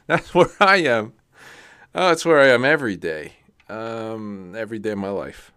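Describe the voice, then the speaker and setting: Young male solo podcaster, low voice, dry desk-mic sound, rambling and self-deprecating, swears freely. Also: no echo. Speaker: podcast host. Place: home room. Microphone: desk microphone on a swivel arm.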